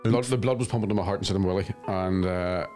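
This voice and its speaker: A young man with a Northern Irish accent spins filthy anecdotes into a podcast mic, dropping deadpan punchlines in a fairly low voice. Faint music hums underneath him. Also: quick pace. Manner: bawdy, self-mocking, deadpan punchlines. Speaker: comedian guest. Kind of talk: casual podcast chat, crude storytelling.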